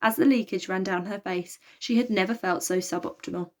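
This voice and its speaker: A woman reading a children's novel aloud, in a lively, expressive way. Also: mid-range voice, brisk. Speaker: storybook reader.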